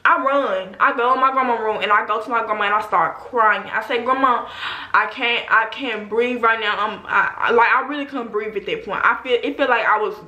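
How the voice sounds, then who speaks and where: A woman's voice: fairly high pitch, fairly quick, hardly any pauses, dull audio. Slangy young woman telling a story. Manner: slangy, animated, addresses viewers directly. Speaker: vlogger. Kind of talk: casual storytime. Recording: roomy echo.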